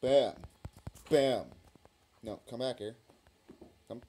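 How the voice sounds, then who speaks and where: A man's voice: mid-range voice, slow pace, mellow. A young man commentating his own mobile wrestling game, taunting and swearing at his opponent. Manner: trash-talking, taunting, swearing. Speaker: mobile game let's player. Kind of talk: let's play commentary. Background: screen tapping clicks.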